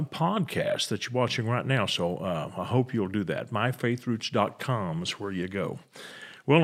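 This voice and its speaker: Man preaching to his podcast listeners, relaxed and chatty, lots of uhs. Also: mid-range voice. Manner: conversational preaching with frequent fillers and restarts. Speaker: pastor. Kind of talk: sermon on a podcast.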